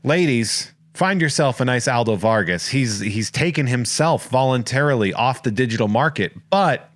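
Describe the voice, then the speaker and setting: Jokey American podcast host. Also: male voice, mid-range voice, animated, normal speed, dry recording. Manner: jokey, rambling, self-mocking. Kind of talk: casual comedic chat.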